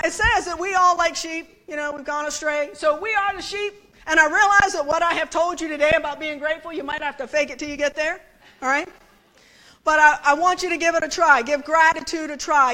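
A woman from the United States preaches to her congregation with a high, bright voice. She tells her story in a chatty, animated way and laughs along with the room. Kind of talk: sermon storytelling.

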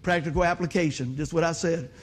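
A man preaches in a lively, folksy way, calling out to his congregation. His voice sits high for a man and has a husky edge. He sounds excitable. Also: fast. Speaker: lay preacher. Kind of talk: informal sermon.

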